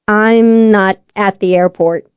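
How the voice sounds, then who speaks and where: A woman's voice: medium pitch, fairly even intonation, clear, resonant tone, no echo, lo-fi sound, close to an everyday voice. A woman voicing a stubborn, defensive heroine. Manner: quick, defensive. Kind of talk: audiobook character voice.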